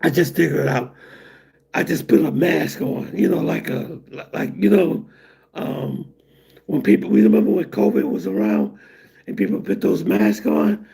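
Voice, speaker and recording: Gravelly, husky man chatting casually. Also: fairly high pitch, sing-song, warm tone. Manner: rambling, conversational, drawn-out asides. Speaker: vlogger reading chat comments. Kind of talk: casual live-stream chat.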